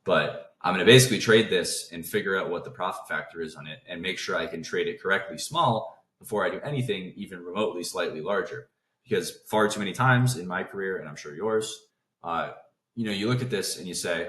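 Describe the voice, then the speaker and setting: A man with a very low voice runs through a casual trading lesson at a rapid clip. He keeps cutting off his own thoughts and starting over. The room around him has a clear echo. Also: fairly bright tone. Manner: fast talker who interrupts his own thoughts. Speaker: trading video host.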